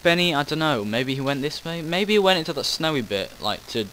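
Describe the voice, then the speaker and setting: Over footage of his own play, a man gives loose, meandering commentary that keeps losing its thread, with casual swearing and self-interruptions. His fairly high voice has lively intonation, a slightly quick pace and a bright, forceful tone. The low-quality recording carries some hiss or hum.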